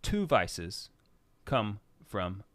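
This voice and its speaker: A man's voice: on the low side, very animated, very slow, a bit bright, no echo. A man co-hosting a Catholic podcast, explaining church teaching in loose casual chat with many fillers and acted-out inner thoughts. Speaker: podcast co-host.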